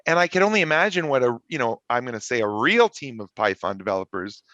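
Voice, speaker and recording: A man's voice: mid-range voice, very animated, fast talker, fairly bright tone, no room sound, muffled recording. A man speaking as an interview guest, talking enthusiastically and expansively about his work. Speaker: guest network engineer. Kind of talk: conversational interview.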